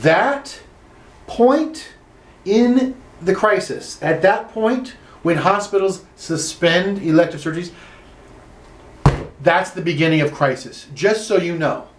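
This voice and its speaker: Comic man, high voice, sarcastic swearing rant, roomy echo from home. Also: expressive, slow, a little hiss or hum. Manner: swearing, sarcastic, rising to exaggerated outrage. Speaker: standup comedian. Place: his own room.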